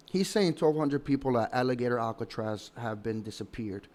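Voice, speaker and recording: A man hosting a commentary video, speaking in a measured, dismissive way with some hesitations. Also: medium pitch, lively intonation, darkish tone. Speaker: commentary channel host. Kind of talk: casual commentary.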